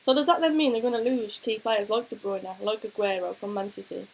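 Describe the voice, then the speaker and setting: A woman's voice: medium pitch, steady tone, a little fast, gravelly, a little mellow, slightly rough, rough recording. A young woman, co-hosting a casual football chat and reading out viewer questions. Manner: chatty, reads out viewer questions. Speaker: co-host.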